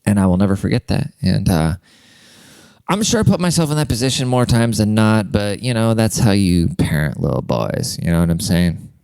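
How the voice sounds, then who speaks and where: A man's voice: lowish voice, big pitch swings, moderate pace, vocal fry, a little mellow, clear, resonant tone, no echo. A man hosting a podcast, telling stories in a casual comedic monologue. He rambles, swears a lot, and laughs at his own jokes. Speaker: podcast host.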